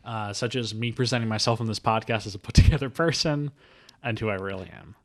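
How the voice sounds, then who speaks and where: A man hosting a casual film podcast, talking enthusiastically about a movie and briefly acting out its characters. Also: fairly low pitch. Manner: enthusiastic, acts out film characters in quick voices. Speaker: podcast host.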